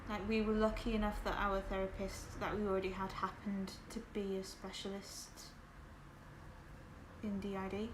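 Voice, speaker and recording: A woman's voice: mid-range voice, monotone, moderate pace. A woman from West Yorkshire with a Southern English accent, casually chatting with viewers on her livestream, candid and full of fillers. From West Yorkshire, England. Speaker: livestream host. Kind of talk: casual chat with stream viewers. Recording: echoey room with background noise.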